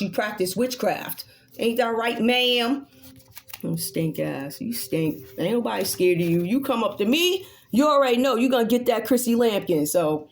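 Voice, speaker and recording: A woman's voice: medium pitch, a little hiss or hum. A woman giving a casual tarot reading that turns into a blunt, profane rant aimed straight at an unseen rival. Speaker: tarot reader.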